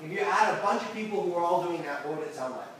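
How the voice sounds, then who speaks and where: High-voiced man preaching in an echoey room. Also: lively intonation, very fast, a bit bright, a little hiss or hum. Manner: constantly checks in with the listeners. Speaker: youth group preacher. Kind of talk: casual interactive sermon. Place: air-conditioned room with a group. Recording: very echoey room, mic far off.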